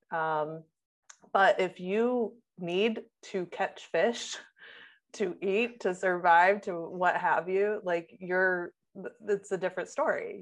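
A woman guest in a casual chat, speaking thoughtfully and measured. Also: lowish voice.

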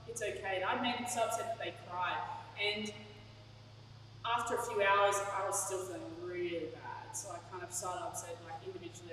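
A woman's voice: medium pitch, a little hiss or hum. A woman preaching a sermon in a candid, chatty way, laughing at herself. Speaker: pastor. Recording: echoey hall, from far off.

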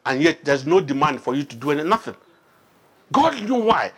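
A man's voice: fairly high pitch, very animated, moderate pace, husky. A pastor from Nigeria, teaching an interactive sermon and quizzing his congregation with frequent questions. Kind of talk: interactive sermon, Bible study.

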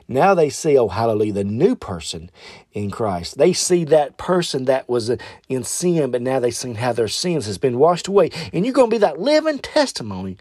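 A man's voice: darkish tone, dry recording, studio quality. A man preaching a podcast sermon and leading prayer, fervent, often calling out hallelujah and correcting himself as he goes. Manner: fervent, repeats hallelujah, swings from high exclamations to low prayer; loose, self-correcting delivery.

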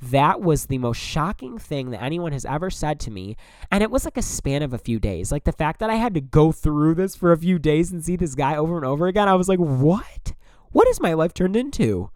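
Animated young man telling a story. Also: on the high side, a little fast, no echo, studio quality. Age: young adult. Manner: animated, exasperated, swears often. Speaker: podcast host. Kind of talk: casual storytelling monologue.

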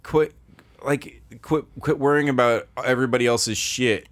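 A man's voice: medium pitch, fairly even intonation, normal speed. A man co-hosting a podcast in casual chat, swearing freely and rambling through personal stories with laughter. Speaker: podcast co-host.

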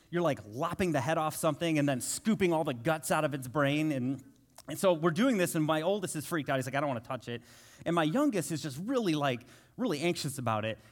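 Guest preacher, man, 30s, slightly high voice, self-mocking humor, easy conversational delivery. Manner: joking, self-deprecating storyteller. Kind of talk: conversational sermon.

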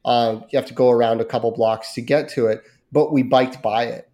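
A man's voice: medium pitch, fairly even intonation, a little fast, warm tone. A man co-hosting a podcast, talking in an easygoing, casual way with frequent fillers. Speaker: podcast co-host. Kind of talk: casual chat.

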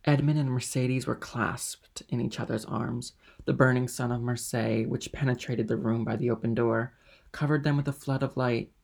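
A man reading a classic novel aloud in measured, steady narration. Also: mid-range voice, vocal fry. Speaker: audiobook reader. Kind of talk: audiobook narration.

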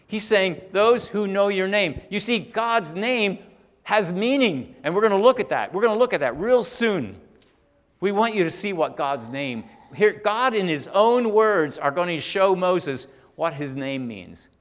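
A man preaching a sermon as a pastor, rising to loud emphasis and then dropping to quiet, intimate talk. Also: high voice, lively intonation, unhurried. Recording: long hall reverb.

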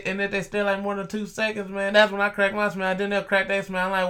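A young man, a delivery driver, telling a story in casual chat, animated and profane, acting out the voices of the people in it. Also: high voice, fast, few pauses.

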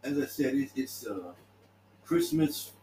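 A man's voice: medium pitch, wildly swooping pitch, slow, gravelly, warm tone, poor audio. A man chatting casually as a co-host, chiming in with brief dry remarks. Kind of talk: casual chat.

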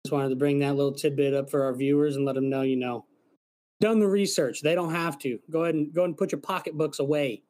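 A man's voice: a little high, steady tone, quick pace, darkish tone. A man co-hosting a podcast, chatting casually and rambling, swearing now and then. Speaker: podcast co-host. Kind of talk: casual chat.

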